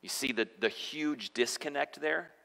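A man's voice: a little high, a little slow, gravelly, bright, forceful tone. Man preaching in an echoing church. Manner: conversational preaching with frequent restarts and repeated words. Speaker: pastor. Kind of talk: sermon. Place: church sanctuary. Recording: church hall reverb.

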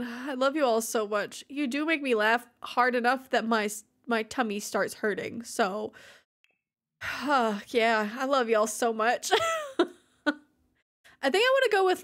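A woman's voice: on the high side, fairly bright tone. A woman streaming a game, chatting casually with her viewers, giggling and cracking crude jokes. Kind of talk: casual livestream chat while playing.

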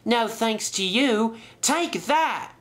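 A man's voice: very high voice, animated, slow pace, a bit bright, pitched above the performer's own voice, exaggerated voice. A man voicing a plucky, cocky young male boat who talks in a boastful, taunting way.

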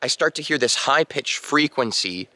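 Bright-voiced man telling a story. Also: medium pitch, normal speed. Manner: animated, imitates beeping sounds. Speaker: vlogger. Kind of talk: casual storytelling to camera.

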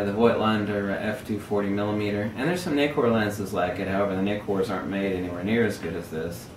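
A man's voice: mid-range voice, slight background noise. A man ranting emphatically and sardonically in a casual camera-gear vlog. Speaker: photography vlogger. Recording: roomy echo, mic at a distance.

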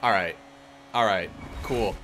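A young man commentating his own hockey video game play, excitable and self-deprecating, yelling at big plays. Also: lowish voice, slow, slight background noise. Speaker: gaming YouTuber. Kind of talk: live gameplay commentary.

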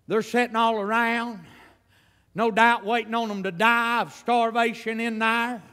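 A man's voice: very high voice, a bit bright. A man preaching a folksy, emphatic revival sermon in a church, drawing out his phrases. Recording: hall reverb.

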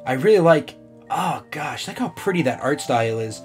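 A man's voice: fairly high pitch, animated, moderate pace, darkish tone, soft background music. A man giving casual gameplay commentary, rambling off topic, swearing now and then and laughing often. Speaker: let's play gamer.

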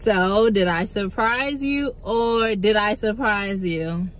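A woman's voice: mid-range voice, slow pace, a little hiss or hum. A woman, co-hosting a casual vlog with playful, teasing chat from a car. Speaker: vlog co-host. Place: in a car, on the move.

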